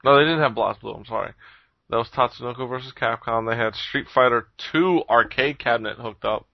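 A man's voice: mid-range voice, a little fast, creaky, no room sound, lo-fi sound. A young man telling a story in casual, rambling talk, swearing and laughing often.

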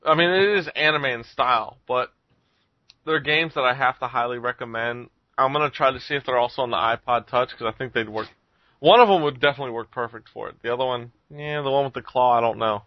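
A man's voice: medium pitch, fast, no room sound. Rambling man on a dull, dry mic. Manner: rambling, chuckles often, lots of ums. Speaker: podcast host reviewing games. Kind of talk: casual chat.

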